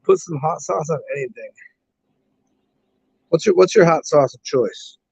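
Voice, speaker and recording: Casual American guy hosting a chat stream, cursing and joking, a touch high-pitched, dull dry recording. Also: measured pace, creaky, darkish tone, slightly rough, no room sound. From United States. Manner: profane, joking, rambling with many restarts. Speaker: livestream host reading chat. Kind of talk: casual rambling livestream chat.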